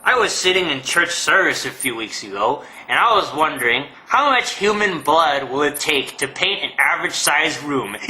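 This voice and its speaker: A man's voice: on the high side, pushed and bright, roomy sound, poor audio. A man delivering a comedic rant monologue, sarcastic and profane.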